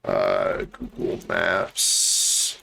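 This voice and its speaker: A man's voice: sits low, sing-song, extremely slow, creaky, bright, forceful tone, a little hiss or hum. A man streaming a game, chatting casually and rambling to his viewers. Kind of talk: casual live-stream chat.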